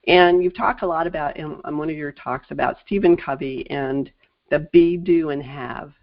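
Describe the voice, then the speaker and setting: A woman's voice: deep voice, normal speed, muffled recording. A woman hosting an interview show, asking her guest questions in a casual, friendly way. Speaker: podcast host.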